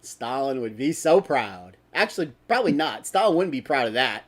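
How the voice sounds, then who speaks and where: A man's voice: medium pitch, big pitch swings, moderate pace. A man hosting a talk stream, ranting in an angry, sarcastic and profane way. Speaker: host.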